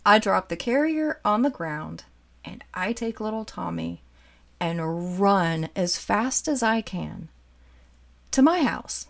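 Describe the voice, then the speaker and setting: A woman in her forties who collects dolls, telling a childhood story in a chatty, animated way while showing a doll to the camera. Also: mid-range voice, takes it slowly, creaky. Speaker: doll collector and channel host. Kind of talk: casual storytime chat.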